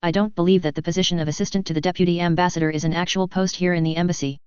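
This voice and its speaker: A woman reading the lines of a calm, firm male ex-Marine sergeant in an even, professional way. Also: fairly low pitch, rapid-fire, clear, resonant tone, no room sound, close to an everyday voice. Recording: dull, muffled recording.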